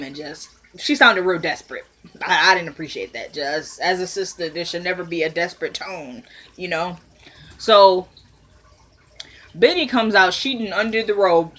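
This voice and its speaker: A woman casually recapping a TV episode for her viewers, acting out the characters' lines in quick voices, laughing and dropping into low asides. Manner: animated, laughs and squeals when amused.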